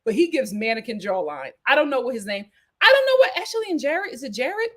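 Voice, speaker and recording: A woman hosting a live reality TV recap, chatting in an animated, gossipy way. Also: high-pitched, brisk. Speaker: host.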